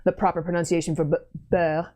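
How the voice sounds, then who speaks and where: A woman co-hosting a casual reaction chat, playful and quick to joke. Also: on the low side, lively intonation, darkish tone. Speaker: co-host.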